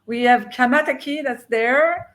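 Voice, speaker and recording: A woman's voice: sits high, measured pace, a bit bright. Friendly woman guest from Montreal. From Montreal, Canada. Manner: friendly, easygoing, laughs lightly. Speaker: guest casting director. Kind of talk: casual interview over video call.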